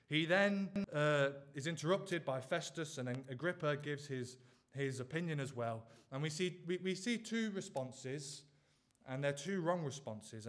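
A man preaching a sermon, pressing his listeners with earnest, repeated rhetorical questions. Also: on the high side.

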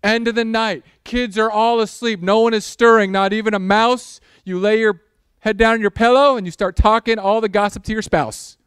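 A male pastor preaching a sermon in a church, opening with a prayer, animated with sarcastic asides and acted-out quotes. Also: high-pitched, moderate pace, smooth, dry recording, studio quality. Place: church sanctuary.

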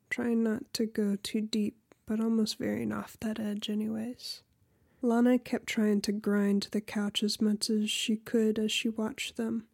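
A woman reads erotic fiction in a soft, partly whispered voice. Her delivery is slow and level, with a gravelly texture. The recording is close and dry. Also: on the high side, no room sound. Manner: soft, often half-whispered reading. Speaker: audiobook narrator. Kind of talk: erotic audiobook narration.

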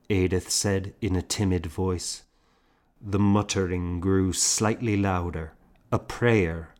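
A man narrating a story in a measured storytelling manner. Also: low-pitched. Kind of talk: scripted narration.

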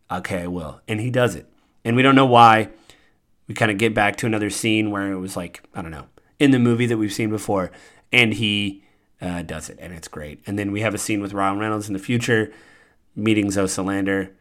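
Low-voiced man rambling through a movie recap. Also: a bit bright. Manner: rambling, earnest, many fillers and restarts. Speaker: podcast host.

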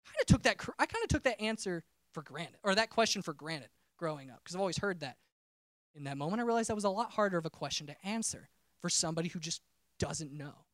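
A man's voice: high-pitched, big pitch swings, fast, fairly bright tone, dry recording, clean studio sound. A man preaching a personal testimony, telling a story in a casual, conversational way and often breaking off and restarting his sentences. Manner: conversational storytelling, self-interrupting.

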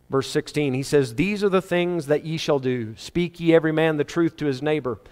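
A man preaching an expository sermon, reading scripture aloud and swinging between loud emphatic cries and low quiet asides. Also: in a large hall.

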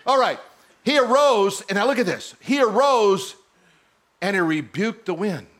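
A middle-aged male pastor preaching a sermon in a church, animated and teasing his congregation. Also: sits high, unhurried.

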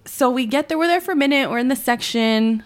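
A woman's voice: sits high, quick pace. A young woman co-hosting a podcast, telling a story in casual chat with lots of slang and swearing, acting out what people said. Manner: animated storytelling, heavy swearing and slang, acts out quotes. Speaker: podcast co-host.

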